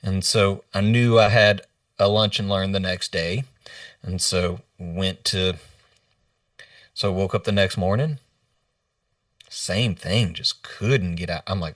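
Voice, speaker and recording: Guy coach telling his story on a podcast, lowish voice, kinda far from the mic, dead dry audio. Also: a bit bright, dry recording. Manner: earnest, halting retelling with quoted dialogue. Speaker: leadership coach. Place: remote video call.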